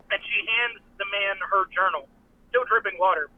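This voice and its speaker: A man's voice: high-pitched, moderate pace, narrow, tinny audio. A man playing a tabletop role-playing game, narrating his character's actions in a playful way.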